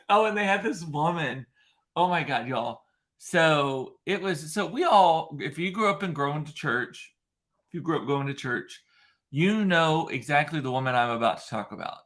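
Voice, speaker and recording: A man's voice: a little high, expressive, moderate pace, fairly bright tone. A man, telling a rambling, gossipy story in a casual vlog, full of campy asides and mocking impressions. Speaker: vlogger. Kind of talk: casual chat.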